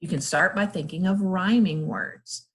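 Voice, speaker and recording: A patient woman teaching phonics to young children. She sounds out letters and syllables very slowly and clearly, with a slightly low voice. She praises the listener often and gives steady encouragement.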